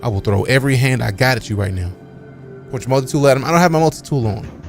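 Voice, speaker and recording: A man's voice: mid-range voice, expressive, quick pace, faint music behind. A man live-streaming a game, chatting casually with his viewers and joking around with playful, mock-offended trash talk full of slang.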